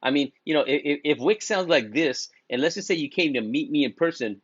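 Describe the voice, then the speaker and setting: A man's voice: on the high side, expressive, a little fast, hardly any pauses, breathy edge, dry recording. Swearing slangy guy pep-talking estheticians, dry close sound, kinda dull audio. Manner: profane, blunt, laughs at own jokes; repetitive restarts, slangy. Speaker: beauty business coach. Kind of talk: casual motivational talk to camera.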